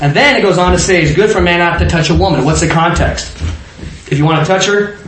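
Quizzing his small group during an interactive Bible study, this adult parent and teacher talks fast in a high, fairly bright voice. His manner is conversational, and he keeps restarting his sentences. Faint noise and echo fill the room.

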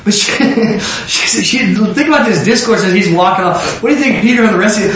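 Male pastor, high voice, animated sermon, echoey church hall with light hiss. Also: a little fast, hardly any pauses. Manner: animated, acts out biblical scenes with shouts. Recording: echoey room with faint noise.

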